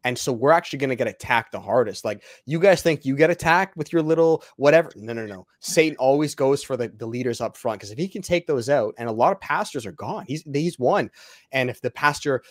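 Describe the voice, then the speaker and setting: A young man talks as an interview guest, blunt and emphatic, close to a sermon in tone. His pitch is average for a man. The sound is dry and close, with no room echo. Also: animated, fairly quick. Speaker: evangelist guest. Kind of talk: casual interview talk.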